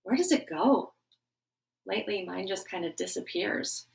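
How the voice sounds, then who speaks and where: A middle-aged woman giving a gentle morning lesson to schoolchildren, coaxing them through a breathing exercise. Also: mid-range voice, animated, moderate pace, vocal fry. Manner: warm, coaxing teacher voice, guiding breathing. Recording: voice a bit distant from the mic.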